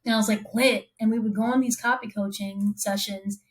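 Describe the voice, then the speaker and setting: A woman guest talking casually as a copy coach, quick and rambling, acting out what people said to her in lively voices. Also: mid-range voice. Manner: animated, acts out quoted dialogue with voices; fast, rambling with restarts. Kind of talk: casual conversation.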